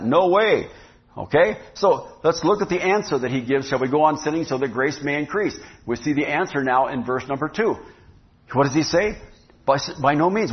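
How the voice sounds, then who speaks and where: A man preaching a sermon to his church in a conversational way, often asking the congregation questions. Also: mid-range voice. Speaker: pastor. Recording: dull lo-fi sound.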